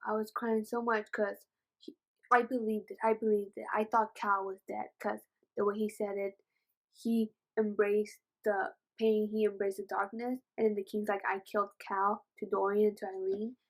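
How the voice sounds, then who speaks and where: A woman's voice: mid-range voice, poor audio. Gushing woman book reviewer. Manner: gushing, excitable, says "oh my gosh" often; rambling retelling with many fillers. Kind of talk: casual book review vlog.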